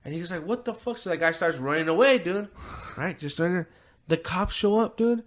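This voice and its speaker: Male podcast co-host with a slightly raised pitch, telling a story in a swearing, rambling style. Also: moderate pace. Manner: profane, rambling retelling with filler words; acts out quoted voices. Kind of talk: casual chat, retelling a story.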